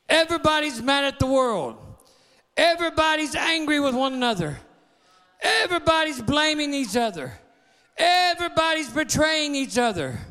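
Man preaching, very high voice, repetitive declaring calls to the church, drawling folksy grammar, long church reverb. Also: sharp tone. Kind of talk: sermon. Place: church sanctuary.

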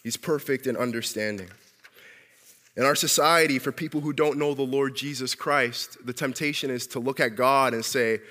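A man preaching a sermon as pastor, animated, calling out questions for listeners at home to answer. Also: medium pitch, moderate pace, big-room sound.

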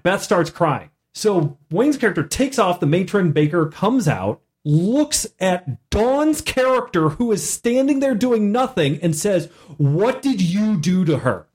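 Excitable male game master recounting sessions, very animated pitch, laughs a lot. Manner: excitable, laughs often, acts out characters. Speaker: game master and podcast host. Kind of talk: animated storytelling chat.

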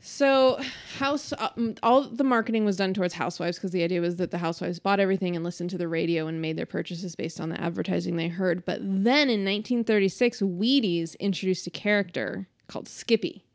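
A woman's voice: lowish voice, fairly quick, hardly any pauses, no echo, studio quality. A woman co-hosting a podcast in casual chat, talkative, laughing often and saying "like" a lot. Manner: chatty, laughing, uses "like" a lot. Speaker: podcast co-host.

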